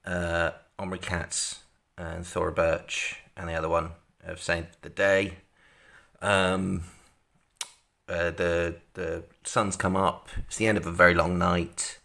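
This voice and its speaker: A man's voice: low-pitched, level tone, slow, vocal fry, sharp tone. A man co-hosting a livestream, coaxing and pleading in a mock-exasperated way. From Britain. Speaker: livestream co-host. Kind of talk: casual comic chat.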